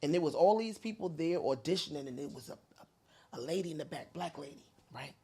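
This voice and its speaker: A woman comedian from New Jersey, telling animated, colorful stories in a casual interview and swearing freely. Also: deep voice, quick pace, husky. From Paterson, New Jersey. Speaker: comedian and guest.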